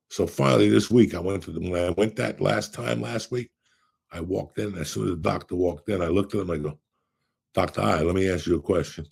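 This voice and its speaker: A man in his sixties with a deep, heavily gravelly voice, raspy and rough at the edges. He tells rambling, profane stories in casual podcast chat and breaks off into bursts of laughter. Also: a little mellow. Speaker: podcast co-host.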